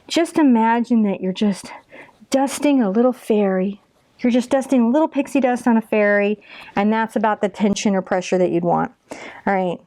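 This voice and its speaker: A woman's voice: fairly high pitch, darkish tone, no echo. Chatty encouraging woman painting teacher. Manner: chatty and encouraging, talks through each brush stroke. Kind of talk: step-by-step painting tutorial.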